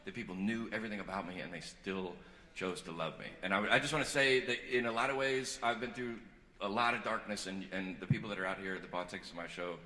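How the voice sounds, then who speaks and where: A man's voice: lowish voice, fairly even intonation, quick pace, sharp tone. A male stand-up comedian on a theater stage, talking in a rambling, confessional, self-mocking way. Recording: echoey hall with crowd noise.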